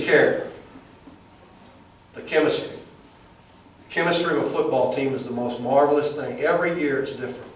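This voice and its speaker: A man's voice: mid-range voice, a little hiss or hum. Folksy man in an echoey hall. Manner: folksy, storytelling, plainspoken. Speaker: speaker at a chamber event, former football coach. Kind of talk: folksy motivational speech with jokes. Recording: echoey hall, speaker far from mic.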